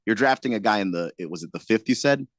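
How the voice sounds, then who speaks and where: A man co-hosting sports talk radio, laying out his reasoning in a measured, skeptical way. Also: fairly low pitch, animated, dry recording.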